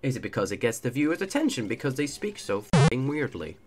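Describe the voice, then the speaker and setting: A man's voice: mid-range voice, sing-song, a little fast, over loud music. A man giving rambling, sarcastic commentary while playing a video game. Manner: sarcastic, rambling, self-mocking. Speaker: let's play commentator. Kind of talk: casual game commentary with voiced characters.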